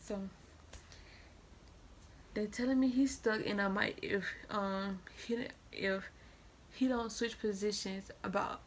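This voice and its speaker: 18-year-old woman, creaky voice, rambling storyteller, noisy traffic behind. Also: medium pitch, steady tone, takes it slowly, pauses often. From Atlanta, Georgia. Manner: rambling, repeats filler "or whatever". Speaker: vlogger. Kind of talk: storytime vlog.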